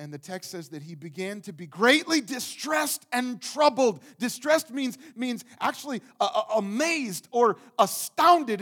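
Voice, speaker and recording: Guy preaching, really high voice, goes loud and punchy then drops way down quiet, earnest. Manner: earnest, swings from loud emphatic bursts to hushed soft passages. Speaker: pastor. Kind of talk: sermon.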